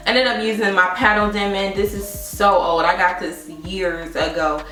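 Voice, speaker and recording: A young adult woman vlogging a casual product review, telling her story in an animated, chatty way with frequent laughs and asides to viewers. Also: mid-range voice, moderate pace. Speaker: beauty vlogger. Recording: roomy, distant mic with faint music.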